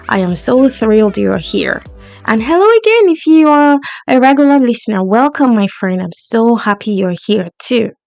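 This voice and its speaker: Encouraging woman podcast host, gravelly edge. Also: medium pitch, no room sound. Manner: warm, encouraging, coaching tone. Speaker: podcast host and money coach. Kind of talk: solo podcast monologue.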